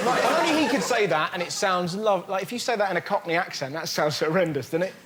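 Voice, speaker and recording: A man on a comedy quiz panel joking in an excitable, gleeful way, before a live studio audience. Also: sits high. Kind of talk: quiz show banter. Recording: studio audience laughter, noisy.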